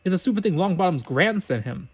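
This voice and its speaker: A man's voice: high-pitched, animated, quick pace, slightly rough. Male reader voices a sneering young bully wizard who taunts, in a storybook reading. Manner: taunting, derisive.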